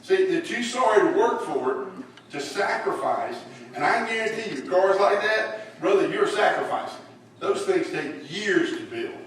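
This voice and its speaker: Folksy guy teaching bible class, kinda high voice, sounds far from the mic w/ faint hiss. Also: animated, normal speed, fairly bright tone, very echoey. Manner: folksy, asks the class questions. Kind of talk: church Bible lesson. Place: church room.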